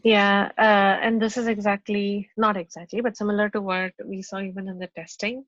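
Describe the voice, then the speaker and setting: A woman's voice: mid-range voice, little pitch movement, moderate pace, fairly bright tone, no room sound, highs cut off. A woman in a casual work meeting on a video call, matter-of-fact as she reads out settings and explains issues. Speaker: software engineer in triage meeting.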